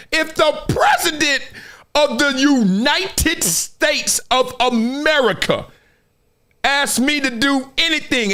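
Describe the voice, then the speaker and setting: Middle-aged male host, high lively voice, animated storyteller. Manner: animated storytelling, laughing, acts out quotes. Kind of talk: live-stream sports talk.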